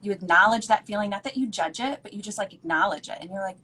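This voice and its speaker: A woman's voice: mid-range voice, fast, few pauses, sharp tone, slight background noise, low-quality recording. A woman speaking as an educator guest, earnest and emphatic, repeating points for stress over a video call. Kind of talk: casual conversational interview.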